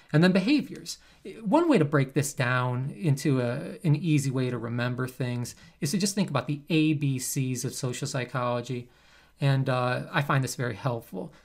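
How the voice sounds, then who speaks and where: Man giving a lively psychology lecture. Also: fairly high pitch. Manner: conversational, animated, acts out quoted subjects. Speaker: psychology professor. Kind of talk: recorded lecture.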